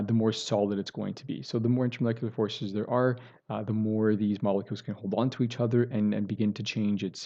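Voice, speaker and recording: Male chemistry teacher, lowish voice, recorded lecture with a muffled computer mic; talks through steps, checks in with the class. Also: creaky, mellow. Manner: explains step by step, self-correcting, many "right?" and "okay" checks.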